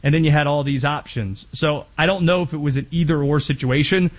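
Young guy from north carolina talking sports on radio, fairly high voice, lively and joking. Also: brisk. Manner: animated, wry, drifts into asides. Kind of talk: casual sports talk.

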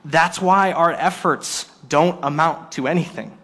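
A man preaching a Sunday sermon in church, telling a story with lively shifts in tone. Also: a little high, measured pace, big-room sound. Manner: animated storytelling, acting out scenes in quotes. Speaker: pastor. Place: church service before a congregation.

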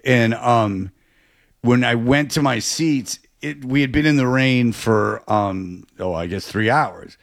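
A man in casual chat, telling a rambling, animated story with many restarts. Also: medium pitch, slow, vocal fry, no echo, clean studio sound.

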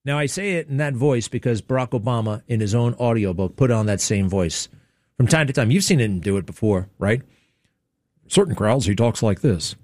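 A man's voice: medium pitch, brisk, a little mellow, no room sound. A man delivers opinionated political commentary as a talk radio host, leaning hard on his words with a sarcastic, needling edge. His voice sits close and dry on the microphone, with no room sound around it. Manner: emphatic and sarcastic, mocking impressions.

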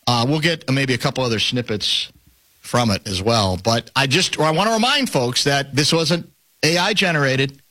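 Animated male talk radio host. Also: mid-range voice, normal speed, no echo. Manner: animated, rambling, self-interrupting.

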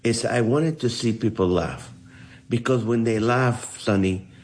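A man's voice: medium pitch, measured pace. A man from the Middle East, a comedian, telling his life story in an interview and acting out the voices of the people in it. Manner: animated, acts out the voices of people in his stories.

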